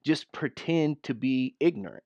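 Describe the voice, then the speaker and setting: A man's voice: mid-range voice, expressive, measured pace, darkish tone, no echo, highs cut off. A man giving scornful reaction commentary on a video clip, mocking what he plays. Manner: scornful, mocking, mimics voices. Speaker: commentary host.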